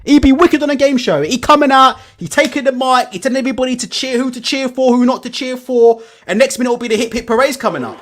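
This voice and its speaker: A man hosting a reaction video, giving animated, mock-emotional commentary and laughing a lot. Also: very high-pitched, quick pace, few pauses, a little hiss or hum.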